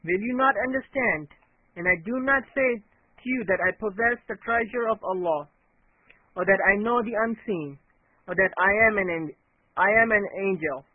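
A man reading a scripture translation aloud in a measured way, stumbling and restarting on words now and then. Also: high voice, breathy edge, no room sound. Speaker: reader of scripture. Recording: tinny phone-like dry recording.

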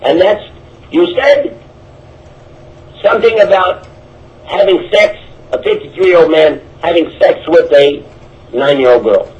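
A man's voice: a little high, measured pace, pauses often. A man preaching about his religion and answering questions. He speaks emphatically and repeats his points. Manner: emphatic, repetitive, animated. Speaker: Islamic preacher. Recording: dull lo-fi audio.

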